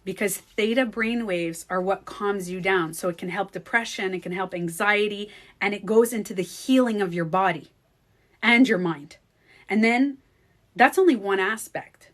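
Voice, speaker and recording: A woman vlogger telling a personal story in casual chat, animated and swearing freely. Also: medium pitch. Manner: animated, swears freely, acts out quoted speech. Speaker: beauty coach vlogger.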